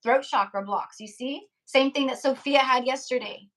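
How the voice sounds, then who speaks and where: A woman tarot reader chatting live to her viewers in a relaxed, rambling way. Her voice is getting rough and hoarse as she goes. She keeps breaking off to greet and thank people from the chat. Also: high-pitched, moderate pace. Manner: chatty, reads out chat names, frequent "like" and laughs. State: voice going hoarse. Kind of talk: casual live-stream chat.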